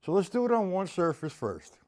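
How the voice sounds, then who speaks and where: A man's voice: high voice, very animated, fairly quick. A man teaching drums on a live stream, explaining step by step and talking straight to viewers by name in a blunt, informal way. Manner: blunt and informal, with the odd curse. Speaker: drum teacher. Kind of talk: live-streamed drum lesson.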